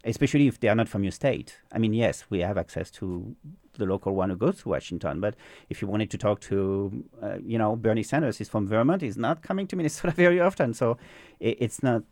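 Low-voiced man hosting radio. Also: fairly quick, dry recording. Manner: relaxed, explaining, chuckling. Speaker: radio host. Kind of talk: casual radio conversation. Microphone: studio microphone.

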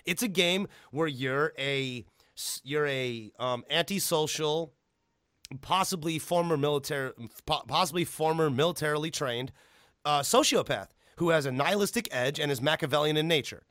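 Male podcast host, casual rant, profane and animated, slightly high voice, dry close sound. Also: moderate pace, no echo. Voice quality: animated, ranting, profane, jumps to high pitch for emphasis. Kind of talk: casual chat.

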